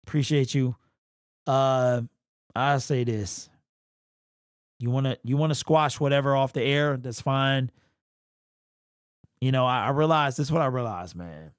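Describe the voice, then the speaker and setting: A man's voice: medium pitch, measured pace, pauses often, clear, resonant tone, dry recording, studio quality. A young man hosting a casual livestream, rambling and slangy, emotional and sniffly. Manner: rambling, repeats and restarts, slangy. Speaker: livestream host.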